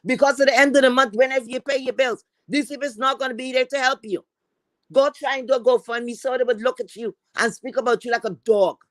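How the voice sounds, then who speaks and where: A woman's voice: sits high, steady tone, fast talker, no echo, low-quality recording. A woman commentator on a livestream, ranting in a blunt, profane, scolding way. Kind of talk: heated commentary rant.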